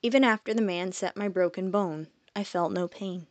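A woman reading a fantasy story aloud in the first person, her voice soft and sinking quieter at reflective moments. Her pitch sits in an ordinary middle range. The sound is close and dry, with no room echo. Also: normal speed. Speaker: audiobook narrator.

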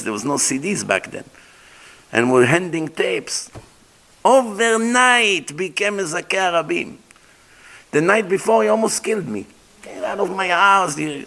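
A middle-aged man giving a storytelling sermon as a rabbi, animated, acting out dialogue and mixing in Hebrew terms. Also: on the high side, gravelly. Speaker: rabbi lecturer.

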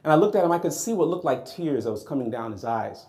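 A man preaching a sermon, telling a personal story in a lively, conversational way and acting out his own reactions. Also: fairly high pitch, fast talker.

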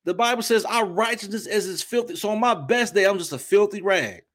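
A man preaching a fervent testimony sermon, with sudden loud bursts of praise between softer reflective stretches. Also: high-pitched, fairly quick. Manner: shifts between soft reflection and shouting. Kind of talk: impassioned sermon.

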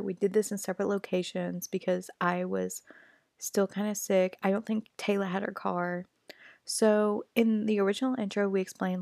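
Still getting over an illness, this young co-host chats and rambles in a self-aware way on a casual podcast, recorded remotely through her home computer mic. She has a lowish, creaky, slightly mellow voice. The recording is dry and studio quality.

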